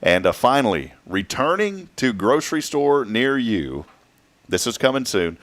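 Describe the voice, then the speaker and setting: A man's voice: on the low side, sing-song, normal speed, a bit bright. A man hosting a morning show, joking and riffing through a news roundup. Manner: jokey, playful, riffs on the news. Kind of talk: casual chat and news roundup.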